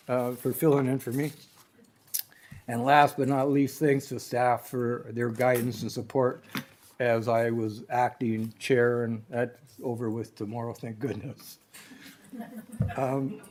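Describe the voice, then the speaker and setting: A man's voice: mid-range voice, mellow. A man chairing a regional council meeting, speaking with frequent ums and restarts in a council chamber. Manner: halting, many ums and restarts.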